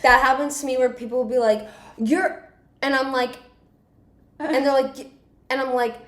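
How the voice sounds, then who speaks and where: A woman's voice: high-pitched, fairly even intonation, moderate pace, a bit bright. Teasing woman host in an echoey room. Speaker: podcast host. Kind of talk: casual chat.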